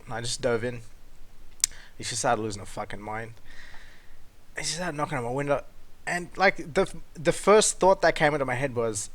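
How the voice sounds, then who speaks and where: A man's voice: a little high, brisk. Blunt, profane man ranting. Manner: blunt, profane, swings between loud outbursts and muttering. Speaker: podcast host. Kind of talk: casual ranting monologue.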